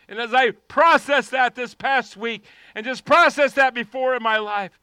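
High, bright-voiced preaching pastor. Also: male voice, normal speed, hardly any pauses, clear, resonant tone, no echo. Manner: passionate preaching, swinging from quiet prayer to shouting. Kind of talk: sermon.

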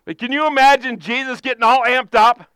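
A man preaching a sermon with passion, using repeated phrases and sudden shouted bursts. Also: very high voice, steady tone, a little fast, clear, resonant tone, no echo, rough recording. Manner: impassioned preaching, repetitive cadences, bursts of shouting. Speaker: pastor.

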